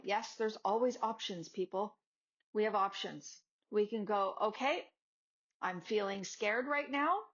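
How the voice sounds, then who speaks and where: Chatty woman giving a motivational talk. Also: medium pitch. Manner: conversational, acts out dialogues with students. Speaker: yoga teacher and podcast host. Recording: slightly dull lo-fi audio.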